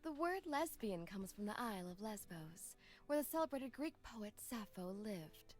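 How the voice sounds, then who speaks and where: A woman voicing an earnest young woman in a game, gently persuading a friend and reciting scripture. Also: medium pitch, very animated, normal speed, soft background music, lightly acted. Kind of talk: video game voice acting.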